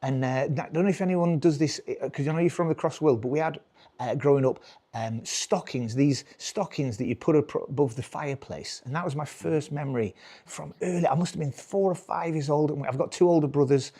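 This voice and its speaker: A man's voice: on the high side, brisk, warm tone. A British man in his forties doing stand-up, rambling and cutting himself off as he chats with the crowd. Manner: rambling, self-interrupting, chatty with the crowd. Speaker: stand-up comedian. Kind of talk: stand-up comedy.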